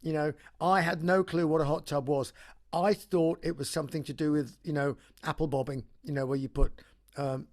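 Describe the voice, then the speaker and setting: A man with an English accent, interviewed about his career, telling wry stories in a halting way with lots of restarts. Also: on the high side, steady tone, darkish tone. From England. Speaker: rock singer interviewee. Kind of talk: casual anecdotal chat.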